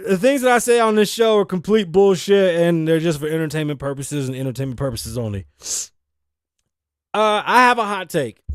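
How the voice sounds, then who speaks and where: Animated, profane male talk show host. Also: sits high, no echo, studio quality. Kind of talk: comedic monologue.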